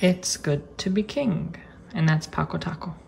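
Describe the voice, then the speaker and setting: Chatty man with vocal fry. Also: fairly high pitch, unhurried, a little mellow, a little hiss or hum. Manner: chatty, playful and theatrical. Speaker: vlogger. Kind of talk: casual vlog chat.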